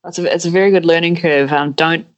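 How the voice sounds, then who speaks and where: A man, a podcast guest telling animated stories and acting out voices in them. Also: fairly high pitch, fast, highs cut off. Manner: animated, acts out voices in anecdotes. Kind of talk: casual storytelling.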